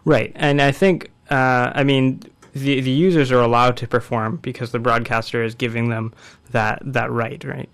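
A man in casual discussion, explaining a court case in a measured way with frequent fillers. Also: mid-range voice, steady tone, fairly bright tone, smooth, dry recording.

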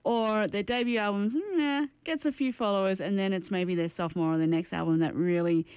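A woman's voice: medium pitch, fairly quick, a little mellow, smooth, no room sound. A woman co-hosting a radio music show, giving chatty opinions on bands. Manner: chatty, opinionated, trails off and restarts. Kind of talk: casual radio chat.

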